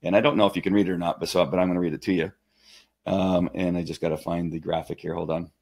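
A man hosting a live stream, talking casually in an excitable, rambling way with many restarts. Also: low voice, quick pace.

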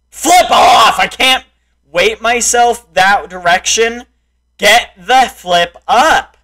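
A young man in raging gameplay commentary, frustrated, swinging between muttered complaints and loud shouts at the game. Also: high voice, slow pace. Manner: frustrated, yelling and insulting the game. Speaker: gameplay streamer.

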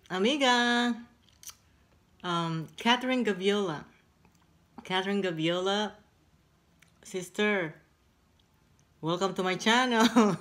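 Slow-talking Filipina woman eating on camera. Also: mid-range voice, a bit bright. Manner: halting, eating between words. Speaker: eating-show vlogger. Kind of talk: casual mukbang chat.

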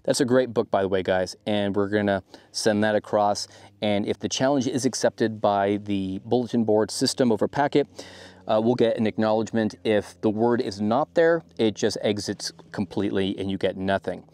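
A man hosting a radio and preparedness channel, explaining a tutorial in a relaxed way with many fillers. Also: lowish voice, normal speed, dry recording.

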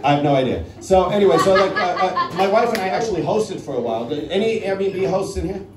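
A man's voice: high-pitched, lively intonation, fast talker, recorded from a distance. A male stand-up comedian from the Netherlands, telling a chatty story on stage and talking with the crowd. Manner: chatty, acts out voices, talks to the crowd. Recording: roomy club sound with crowd. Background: audience laughing.

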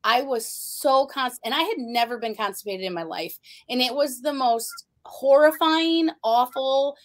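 A woman guest telling her story in a blunt, animated way during a casual interview chat. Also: sits high, measured pace.

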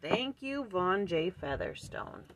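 In a dry recording, a woman with a fairly low pitch talks slowly but in a very animated way. As host of her daily scripture study channel, she works through ideas out loud with sighs and false starts, earnest and pushing questions toward the listener.

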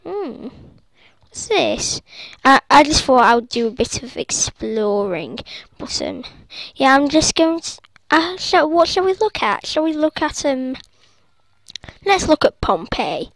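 A woman's voice: sits high, sing-song, measured pace, a bit bright, no echo. A woman giving rambling, giggly commentary over a video game, breaking into silly singing and squeals. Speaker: gaming video host.

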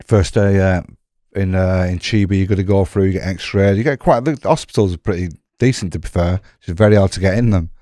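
Brief: deep, dark-toned man, loose rambling storyteller, swears a lot, dry sound. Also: fairly quick, hardly any pauses, no room sound. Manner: rambling, swears freely, restarts. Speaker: guest, former prisoner. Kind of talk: casual storytelling.

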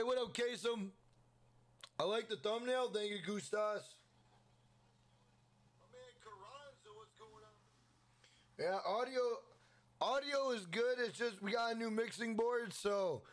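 Hyped male gaming streamer. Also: high voice. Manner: hyped, rapid shout-outs to chat. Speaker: gaming livestream host. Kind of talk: casual livestream chat.

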